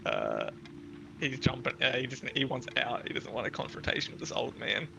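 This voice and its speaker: A man's voice: mid-range voice, wildly swooping pitch, normal speed, sharp tone, highs cut off, a little hiss or hum. A man playing a tabletop game who talks hesitantly, with many fillers. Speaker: player. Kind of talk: tabletop role-play chat. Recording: music clearly playing behind.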